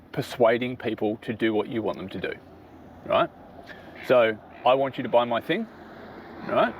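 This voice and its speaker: A man's voice: medium pitch, a little hiss or hum. A middle-aged man casually giving business advice to his daughter, explaining step by step and often asking "right?" to check she follows.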